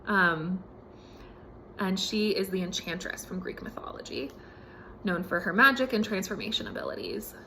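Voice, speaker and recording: A woman hosting a spiritual podcast, speaking in a relaxed and casual way with many fillers, recorded at home. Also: lowish voice, a little hiss or hum. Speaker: podcast host.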